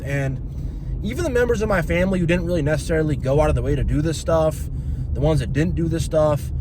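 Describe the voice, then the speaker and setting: A man's voice: on the high side, noisy background. A man venting in an emotional vlog rant, agitated and repetitive, with many fillers like "like" and "you know". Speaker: vlogger.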